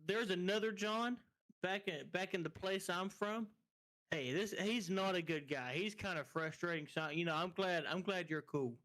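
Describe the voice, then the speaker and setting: A man's voice: high voice, moderate pace, a bit bright, low-quality recording. A man playing in a tabletop game, speaking in character in an easygoing, placating way. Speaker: player.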